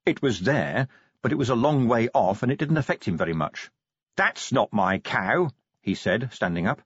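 Husky-voiced male audiobook narrator. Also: mid-range voice, a little fast, no echo, highs cut off. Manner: expressive, dramatic storytelling. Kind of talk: scripted fantasy narration.

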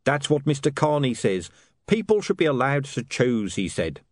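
A man's voice: medium pitch, very animated, normal speed, dry recording, studio quality, voice pushed up. A man voicing a shifty, wheedling street hawker in an audiobook.

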